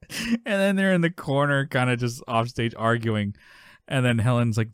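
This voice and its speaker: A man's voice: mid-range voice, slow, smooth, dry recording, studio quality. A man co-hosting a podcast, recapping a sitcom episode in casual chat, laughing often and acting out the characters' lines in a raised voice. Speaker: podcast co-host.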